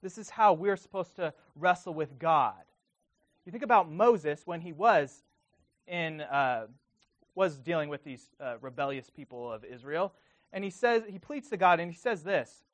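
A man delivers a sermon in a fairly high voice, earnest and direct. He reads scripture aloud and lets his emphasis build. The sound is close and dry, with almost no room. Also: lively intonation, a little slow, no echo. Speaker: preacher.

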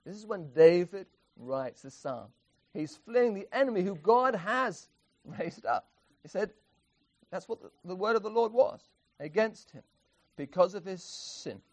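High-voiced man preaching with emphasis. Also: animated, measured pace. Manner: emphatic, with frequent restarts and chuckles. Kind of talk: expository sermon.

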